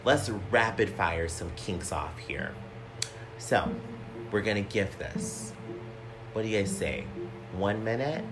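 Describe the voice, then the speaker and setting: A man's voice: lowish voice, expressive, slow pace, pauses often, over music. A man hosting a casual podcast, talking in a sassy, campy and profane way with a somewhat whiny voice. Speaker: podcast host.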